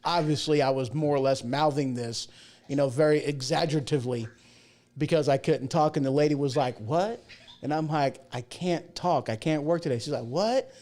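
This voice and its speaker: A man hosts a casual livestream talk show in a slightly high voice. He talks in a chatty, folksy way and rambles off into asides and jokes. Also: steady tone, fairly quick, darkish tone. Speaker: show host.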